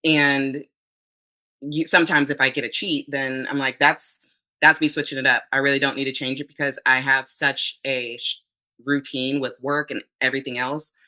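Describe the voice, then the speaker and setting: A woman talking as a podcast guest in a relaxed interview, chatty and often quoting herself. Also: a bass voice, moderate pace, poor audio. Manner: chatty, quotes herself often, frequent restarts. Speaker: podcast guest, fitness competitor. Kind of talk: casual interview chat.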